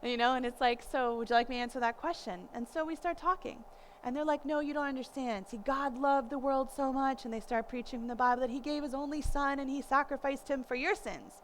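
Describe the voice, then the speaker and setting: A woman's voice: high-pitched, fairly even intonation, quick pace, a little hiss or hum, low-quality recording. A woman in her thirties giving a conversational lecture on parenting, telling stories animatedly and acting out the voices of people she quotes. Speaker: parenting course teacher.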